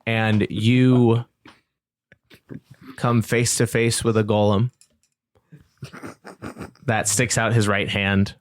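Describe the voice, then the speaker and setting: A man narrating as game master of a tabletop game, relaxed and easygoing. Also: lowish voice, drawn-out words, long pauses, no room sound, clean studio sound. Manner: relaxed, laughs between narration.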